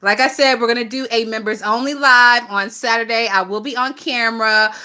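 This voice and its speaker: A woman hosting a casual gossip livestream, talking in a lively, profane way and laughing often. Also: fairly high pitch, brisk. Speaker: livestream host.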